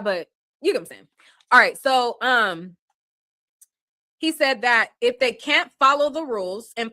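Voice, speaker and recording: A woman's voice: a little high, sharp tone, no room sound. A woman hosting a livestream, casually retelling a court hearing in a rambling way with many fillers and restarts. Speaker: livestream host.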